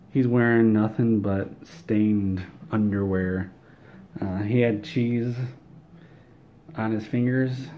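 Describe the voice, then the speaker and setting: Deadpan man telling a slow comic story. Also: lowish voice. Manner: dry, rambling delivery with fillers. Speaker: comedic storyteller. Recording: slightly muffled with faint hiss.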